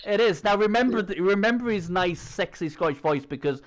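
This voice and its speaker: A middle-aged man hosts a stream in a rambling, chatty way. His voice sits a touch high and swings widely as he trades banter with his guests. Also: animated, a little fast. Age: 40s. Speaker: stream host. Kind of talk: casual chat.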